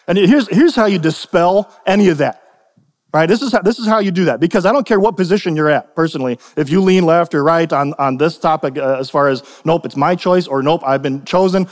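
Young male pastor, slightly high voice, loose conversational sermon delivery, long church-hall reverb. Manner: conversational, repeats and restarts, asks "right?".

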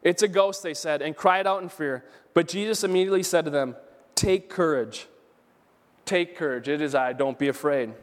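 A man's voice: on the high side, normal speed. A man pastor preaching an earnest, emphatic sermon in a church, repeating key phrases for emphasis. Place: church sanctuary. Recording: long hall reverb.

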